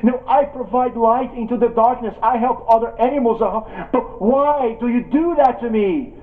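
A man's voice: very high voice, normal speed. A man voicing a small male firefly in a sermon story, asking pleading questions. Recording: tinny phone-like sound.

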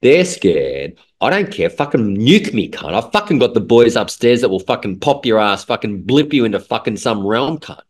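A man's voice: on the low side, big pitch swings, moderate pace, hardly any pauses, slightly rough. Profane rambling man. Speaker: guest. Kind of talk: casual conversation.

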